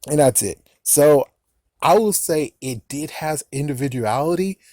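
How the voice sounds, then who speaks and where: A man's voice: a little high, expressive, measured pace, mellow, dry recording, studio quality. A man giving casual, ranting reaction commentary, swearing often and laughing between remarks. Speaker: YouTuber giving opinions.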